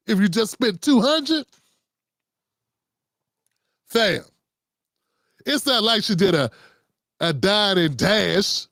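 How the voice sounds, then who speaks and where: A man's voice: high-pitched, animated, slow pace, gravelly, long pauses, a bit bright, no room sound, clean studio sound. A man hosting unscripted political commentary, talking casually and riffing, slipping into quoted voices.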